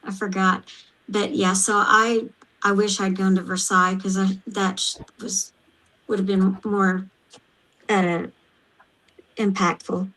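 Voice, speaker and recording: Slow, even-toned Oklahoma woman. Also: mid-range voice, low-quality recording. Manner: halting, many fillers. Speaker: host. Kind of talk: casual chat.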